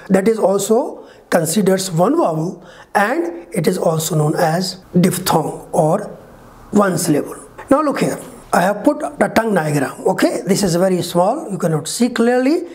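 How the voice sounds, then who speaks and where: A woman teaching English phonetics in an online lecture, slowly drawing out each example sound. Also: medium pitch, very animated, a little mellow. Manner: slow, deliberate, drawn-out example sounds.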